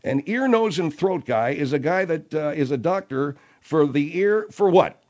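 A man's voice: fairly high pitch, normal speed, lo-fi sound. A man hosting a comedic radio bit, talking in an exasperated way. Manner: exasperated, animated. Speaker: radio show host.

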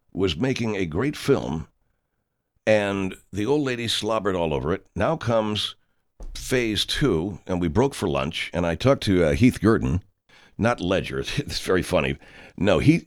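A man playing a pompous, rambling horror director. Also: low voice. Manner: rambling, arrogant, speaks of himself in third person. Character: pompous self-important male horror film director. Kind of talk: comedic character monologue.

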